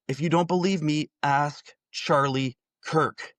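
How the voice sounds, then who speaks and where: A man's voice: a little high, steady tone, takes it slowly, a bit bright, no echo. A man in his forties giving an impassioned solo commentary, full of rhetorical questions. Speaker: political commentator.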